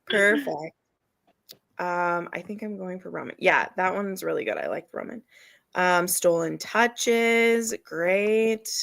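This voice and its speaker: Chatty woman, low gravelly voice. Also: slow, a bit bright, no room sound. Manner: chatty, gushing about books, laughs often. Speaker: readathon host. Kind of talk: casual live-stream chat.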